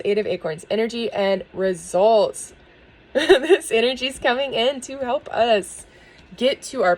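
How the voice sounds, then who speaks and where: A woman giving a spiritual tarot reading and talking earnestly to her viewers, soft and emotional, with small laughs. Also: sits high, low-quality recording. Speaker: tarot reader.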